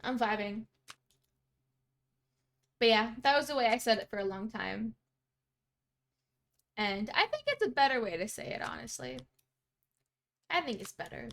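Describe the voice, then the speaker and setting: A young woman from Canada chats live with her stream viewers as she plays. Her voice sits high and bright, and she giggles often and replies to messages in a bubbly, easygoing way. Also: sing-song, measured pace, long pauses. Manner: bubbly, giggly, chatty, reads chat aloud. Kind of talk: casual live-stream chat.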